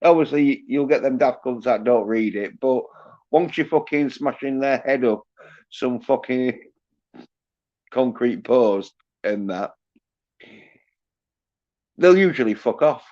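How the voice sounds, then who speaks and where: A man's voice: medium pitch, slow pace, pauses often, darkish tone, lo-fi sound. A man hosting a livestream, ranting in a rambling, boastful way with constant swearing. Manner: profane, boastful, laughs at own jokes. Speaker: livestream host.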